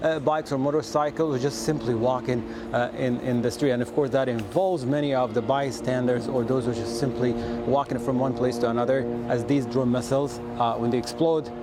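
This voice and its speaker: A man reporting live from the field for a news broadcast, speaking haltingly with many fillers and restarts. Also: mid-range voice, fairly even intonation, over loud music. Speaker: field correspondent. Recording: noisy outdoor line. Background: drone and street noise.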